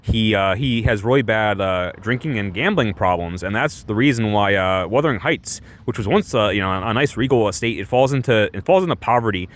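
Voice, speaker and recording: A man's voice: on the low side, lively intonation, brisk, hardly any pauses, fairly bright tone. A man giving a casual, rambling movie review, full of restarts and fillers, who swears freely.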